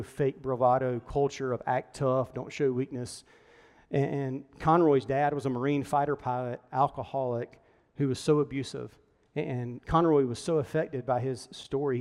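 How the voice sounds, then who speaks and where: A man's voice: mid-range voice, warm tone. A man preaching a sermon as pastor, earnest and conversational, telling stories to a room of men. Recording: reverberant hall.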